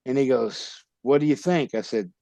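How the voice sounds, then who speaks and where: A man, a wrestler guest telling animated stories in casual talk, acting out quoted voices and swearing freely. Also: mid-range voice, moderate pace, gravelly, no echo. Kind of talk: casual storytelling interview.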